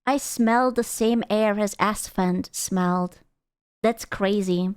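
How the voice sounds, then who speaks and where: A woman streamer giving casual, excitable reaction commentary, giggly and blunt with her swearing. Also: medium pitch, takes it slowly, clear, resonant tone, no room sound. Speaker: VTuber streamer reacting to a video.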